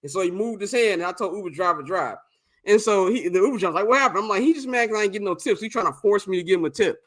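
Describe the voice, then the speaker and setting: A man's voice: high-pitched, rapid-fire. A young man, casually telling a long, profane story on a podcast and acting out the other people in it. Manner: animated, profane, acts out quoted exchanges. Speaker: podcast co-host.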